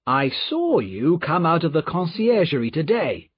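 Man doing a calm assured gentleman, measured, slow, a bit husky. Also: fairly high pitch, pitched above the performer's own voice, full character voice. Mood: cool. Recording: dull lo-fi recording.

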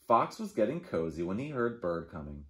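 A man, a children's librarian, reading a picture book aloud to kids in an animated, playful way. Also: deep voice, normal speed. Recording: echoey room.

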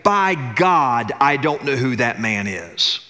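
A man's voice: medium pitch, very animated, slow pace, sharp tone, big-room sound, faint music behind, voice pushed down, full character voice. A man preaching voices a frightened male apostle, brushing off accusations with defensive denials.

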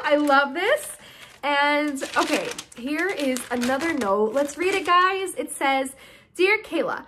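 A woman's voice: high-pitched, fairly bright tone, a little hiss or hum. A woman in her early twenties, chatting bubbly and gushing as she opens and reads fan mail aloud in a casual vlog. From United States. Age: early 20s. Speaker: YouTuber opening fan mail.

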